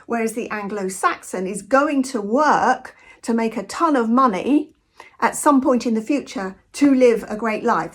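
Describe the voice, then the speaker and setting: A British woman talking in a direct, conversational monologue, telling anecdotes from her own life. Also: a little high. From Britain. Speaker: vlogger. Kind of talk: casual reflective monologue.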